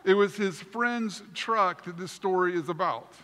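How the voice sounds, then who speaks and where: A male pastor delivers his sermon in a high, bright voice that carries long reverb through the church sanctuary. He tells his story with animated energy and pokes fun at himself. The delivery is warm-hearted storytelling from the pulpit. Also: unhurried. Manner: animated, self-deprecating storyteller.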